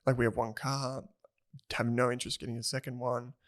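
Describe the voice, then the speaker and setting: A man's voice: medium pitch, flat delivery, fairly quick, fairly bright tone. Chatty man co-hosting a podcast. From Australia. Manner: chatty, rambling, laughs easily. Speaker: podcast co-host. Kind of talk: casual chat.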